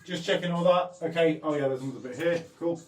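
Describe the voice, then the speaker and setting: A man's voice: on the high side, quick pace. A man hosting a live painting stream, chatting casually with a self-deprecating, apologetic manner. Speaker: painting livestream host. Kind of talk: casual live art demonstration. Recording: echoey room, mic at a distance, faint music. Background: faint background music.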